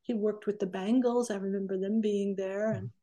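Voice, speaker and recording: A woman's voice: mid-range voice, normal speed. A woman in her sixties, a recording engineer, telling stories as an interview guest and acting out what people said. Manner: animated, acts out quoted remarks. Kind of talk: conversational storytelling.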